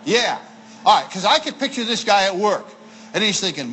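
A man preaches in a folksy, playful way, his pitch leaping around as he acts out little examples. His voice sits high and bright. A faint background hiss runs under the recording. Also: very animated, normal speed, rough recording. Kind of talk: sermon to children and families.

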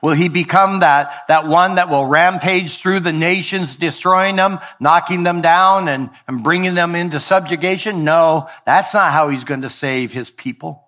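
A man preaching a sermon as pastor, earnest, dropping quiet and then rising to emphatic points. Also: on the high side, moderate pace, few pauses.

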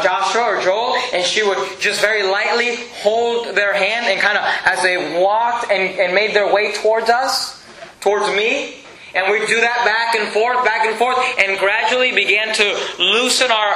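Bright high-voiced preacher in echoey church. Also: male voice, a little hiss or hum. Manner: preaching with emphatic, repetitive questions to the congregation. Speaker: pastor. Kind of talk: sermon.

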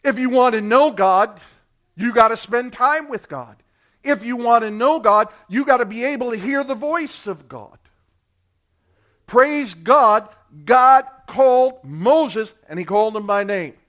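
High-voiced man preaching a dramatic sermon. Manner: dramatic, acts out quoted voices with big swings in loudness. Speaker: pastor.

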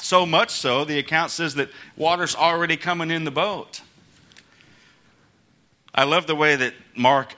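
Bright-voiced man preaching a casual sermon. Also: mid-range voice. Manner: conversational, chuckling asides, acts out quotes. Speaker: pastor.

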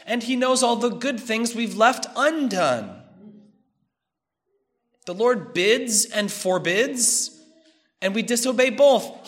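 A man preaching a sermon, measured and emphatic, building through repeated phrases. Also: high voice, a bit bright.

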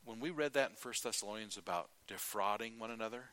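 Bright-voiced man preaching a folksy sermon. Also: fairly low pitch, fast. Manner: folksy storytelling, acting out quotes; clears throat often.

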